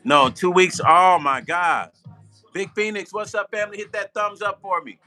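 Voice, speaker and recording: A man hosts a live stream and chats loosely with his viewers in a very bright, slightly high voice. He repeats himself for emphasis and laughs at his own slips. Faint music plays behind him. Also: steady tone, normal speed.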